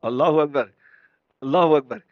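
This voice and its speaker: A man's voice: fairly high pitch, fast, dry recording, phone-quality sound. A man preaching an impassioned sermon at a mourning gathering. He fires off rhetorical questions and switches between English and Urdu.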